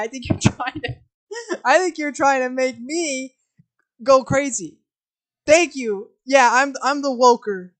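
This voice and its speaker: A woman live-streaming herself reading a film script aloud, switching from flat reading of scene directions to flustered asides to her chat. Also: sits high, rough recording.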